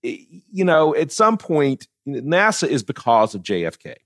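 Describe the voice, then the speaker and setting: A man's voice: a little high, big pitch swings, a little slow, a bit bright, dry recording, studio quality. A middle-aged man talking politics casually, blunt and profane, often laughing as he tells stories. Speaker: political commentator.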